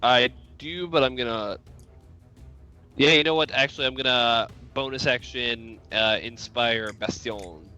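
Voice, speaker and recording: A man's voice: mid-range voice, measured pace, bright, forceful tone, smooth, lo-fi sound, soft background music. A man playing a tabletop game, laid-back and hesitant, often laughing. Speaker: player. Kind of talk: casual tabletop game play.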